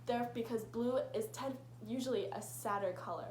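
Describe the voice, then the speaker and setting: A woman's voice: a little high, moderate pace, darkish tone. A teenage girl earnestly giving prepared answers as a guest in a scripted student talk show. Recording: echoey room.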